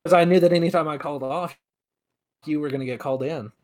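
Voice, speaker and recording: A young man in casual chat who stops and restarts his sentences and trails off softly. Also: a little high, fast talker, crowd noise.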